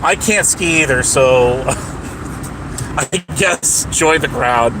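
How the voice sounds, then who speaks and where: A man's voice: medium pitch, very slow. Combative man ranting from his car. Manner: profane, combative, rambling. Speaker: livestream host. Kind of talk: rambling livestream chat. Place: car, driving home. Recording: noisy car cabin.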